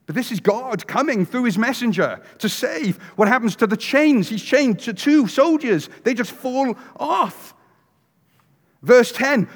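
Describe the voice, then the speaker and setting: In a reverberant church sanctuary, a pastor with a high voice delivers an animated sermon. He tells stories, acts out the voices, and swings from loud to hushed.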